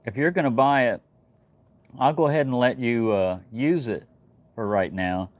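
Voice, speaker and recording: Guy rambling thru a story on his live stream, lots of uh and you know, mid pitch. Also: moderate pace, dry recording, narrow, tinny audio. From New Mexico. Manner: rambling storytelling with many fillers and restarts. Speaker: channel host. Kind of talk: casual livestream chat. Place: home in Texas.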